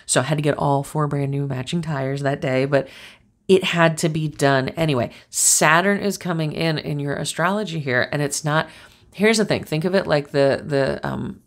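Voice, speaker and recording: A woman giving a casual, chatty tarot and astrology reading, rambling through stories with lots of fillers. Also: sits low. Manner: chatty, rambling, animated storytelling.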